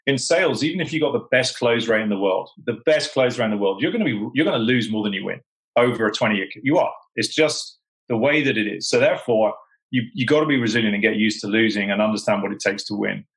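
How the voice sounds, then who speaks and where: A man's voice: lowish voice, quick pace, a bit bright, low-quality recording. A British man speaking as a sales executive guest in a casual chat, emphatic and full of "you know" fillers. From United Kingdom.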